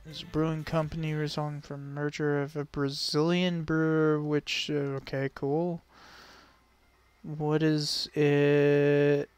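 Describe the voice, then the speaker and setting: A man's voice: on the high side, flat delivery, slow pace, a little mellow, smooth, faint music behind. A man casually reacting to a video on stream, rambling and joking with frequent laughs and fillers. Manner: rambling, jokey, laughs often, lots of fillers. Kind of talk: casual chat.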